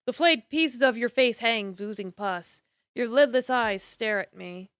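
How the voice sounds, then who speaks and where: Performing a horror visual novel aloud for her stream, a woman dramatically alternates whispery passages with forceful ones. She speaks at a measured pace in a voice on the high side, clean and free of room sound.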